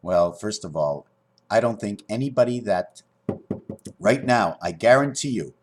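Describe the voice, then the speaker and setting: A man in his fifties rambling through a spiritual monologue to camera, swinging between high loud bursts and low muttering. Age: 50s. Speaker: vlogger.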